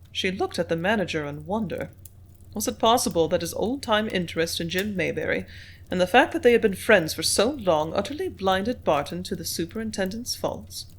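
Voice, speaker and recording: An audiobook narrator reading a novel in scripted narration, even and steady. The voice sits at a middle pitch and keeps a level, unhurried delivery.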